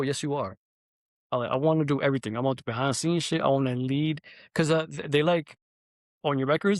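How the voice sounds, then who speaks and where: A young man hosting a podcast, telling an animated, profanity-heavy story in casual chat. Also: medium pitch, no room sound. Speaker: podcast host.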